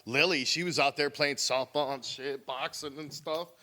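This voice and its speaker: A man's voice: on the high side, steady tone, moderate pace, sharp tone. A man giving a candid, rambling share at a recovery meeting, often saying "man" and laughing as he talks. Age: adult with a wife and a daughter. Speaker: member sharing at a recovery meeting. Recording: long hall reverb.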